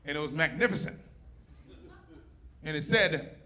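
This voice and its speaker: Live in a comedy club with audience noise, a man performs stand-up, swearing freely and fighting back tears as he speaks about his mother. His mid-range voice is fairly bright and moderately paced, and his delivery is profane, emotional and close to tears.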